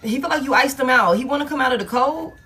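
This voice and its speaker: Doing a collective love tarot reading, this tarot reader is casual, blunt and foul-mouthed, working things out aloud. Her high voice sounds pushed and bright, and she speaks quickly.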